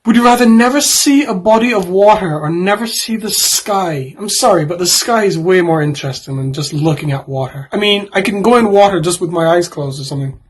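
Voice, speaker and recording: A man's voice: sits high, fairly quick, hardly any pauses, breathy edge. A man in his twenties, a YouTuber, reading out would-you-rather questions and answering them in a rambling, joking way with offhand asides.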